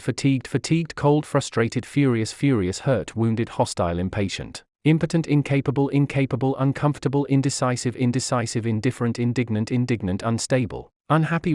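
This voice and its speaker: A man calmly reading an audiobook chapter, going slowly through long lists of single words. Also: medium pitch, no echo, clean studio sound. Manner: slow, measured reading of long word lists. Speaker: audiobook narrator. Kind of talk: scripted narration.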